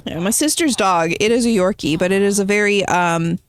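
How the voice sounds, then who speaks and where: A woman live-streaming a game, talking to her chat in a loose, chatty way. She jokes, teases viewers and rambles on between moves, at a middle pitch for a woman. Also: brisk. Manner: chatty, playful, teasing chat and reading out messages.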